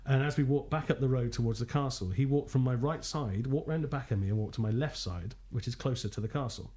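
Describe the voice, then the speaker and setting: With a mid-range voice and a fast delivery, this man shares ghost-hunting anecdotes in easygoing podcast talk. Laughter comes often, and he performs the quotes rather than just repeating them.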